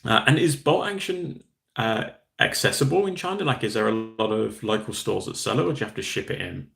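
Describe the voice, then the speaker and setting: A man's voice: fairly low pitch, fairly quick, creaky, fairly bright tone. A man hosting a casual live stream, chatting in a rambling, self-deprecating way while answering viewer comments. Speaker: livestream host.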